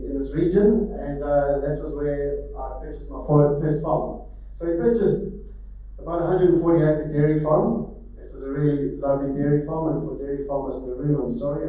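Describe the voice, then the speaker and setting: A middle-aged man from South Africa with a South African accent, giving a conference talk as a farmer, halting with many fillers and restarts. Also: fairly high pitch, warm tone. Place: large conference hall. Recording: echoey hall, mic at a distance.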